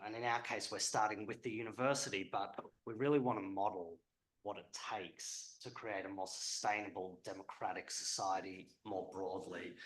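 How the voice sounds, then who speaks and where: A man's voice: on the low side, a bit bright, reverberant, low-quality recording. A man speaking at a public event as a historian, conversational and hesitant with frequent ums.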